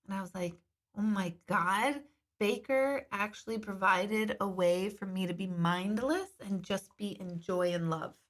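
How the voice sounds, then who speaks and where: A middle-aged woman talks in a casual, candid live-stream chat. Her voice is bright and a little forceful. She answers viewers in an easygoing way and swears now and then. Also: medium pitch, a little slow. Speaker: intuitive host reading viewer comments.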